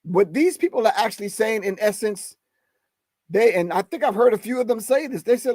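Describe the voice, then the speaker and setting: High-voiced man preaching to his stream. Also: animated, brisk, darkish tone, no room sound. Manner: preachy, emphatic, addresses the audience as family. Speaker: host. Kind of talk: live stream commentary reading chat.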